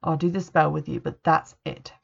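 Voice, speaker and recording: A woman's voice: low voice, fairly even intonation, normal speed, gravelly, husky, heavily acted. A woman voicing Annie, a cautious teenage girl who knows witchcraft, speaking with warning and reluctance. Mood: wary. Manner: warning, reluctant, a bit superior. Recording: dull lo-fi recording.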